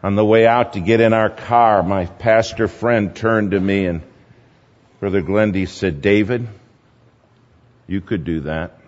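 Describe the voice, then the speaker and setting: Guy preaching, loud then hushed, echoey hall, kinda muffled recording. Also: on the low side, unhurried. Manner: animated, swings between loud and hushed. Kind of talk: sermon storytelling.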